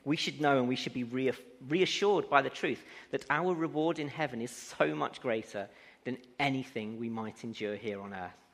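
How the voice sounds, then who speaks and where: A man's voice: mid-range voice, normal speed. A man preaching a sermon who builds to emphatic, rising declarations. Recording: long hall reverb.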